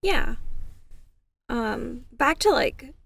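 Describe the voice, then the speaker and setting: Woman, podcast co-host, gravelly voice, earnest, sits back from the mic. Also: sits high, animated, very slow, fairly bright tone, no echo, far from the mic. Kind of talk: casual chat.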